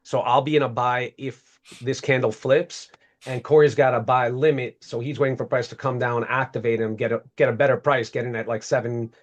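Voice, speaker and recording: A man's voice: medium pitch, steady tone, fairly quick. A man hosting a trading livestream, upbeat and explaining his trades step by step in casual chat.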